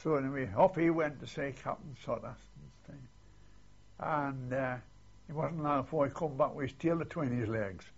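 An older man rambles through his memories of the war, often tagging his lines with "see". His voice is gravelly and husky. The old archival tape sounds dull and lo-fi. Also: mid-range voice, moderate pace. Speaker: war veteran interviewee. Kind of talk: oral history recollection.

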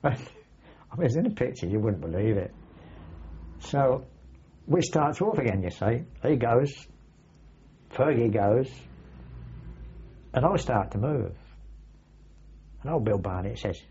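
An older man tells vivid, salty anecdotes in casual oral-history storytelling, with a husky voice. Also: mid-range voice, animated, measured pace, pauses often. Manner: vivid anecdotal, salty language, acts out his own shouts. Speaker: veteran recounting wartime memories. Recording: dull lo-fi archive recording.

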